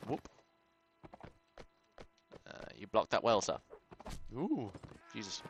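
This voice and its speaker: A man giving casual commentary on his game, excitable, muttering to himself and swearing. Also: lowish voice, slow pace, pauses often, noisy background. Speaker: gaming channel host.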